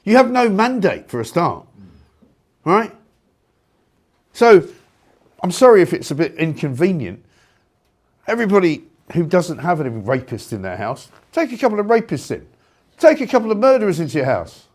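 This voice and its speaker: A male talk show host in full rant, sarcastic and indignant, his pitch swinging wildly between mocking highs and grumbling lows. His voice sits a touch high for a man, and he keeps breaking into loud, exasperated outbursts in the studio. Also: sing-song, moderate pace, long pauses. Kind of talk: heated opinion rant on live talk radio.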